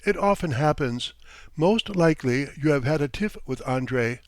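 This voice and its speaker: A man's voice: a little high, animated, normal speed, dry recording, natural voice. A man reading an audiobook, voicing a timid, alarmed middle-aged mother who soothes and then breaks into tears. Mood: soothing. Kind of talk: audiobook character voice.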